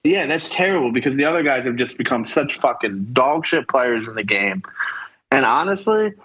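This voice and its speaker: A man with a husky, breathy voice, venting on a podcast about his sports teams. He talks in a loose, profane, exasperated rant, piling on insults as he builds up steam. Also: medium pitch, expressive, normal speed, a bit bright, low-quality recording. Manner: ranting, heavy swearing, exasperated. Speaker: podcast co-host. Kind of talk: profane casual sports chat.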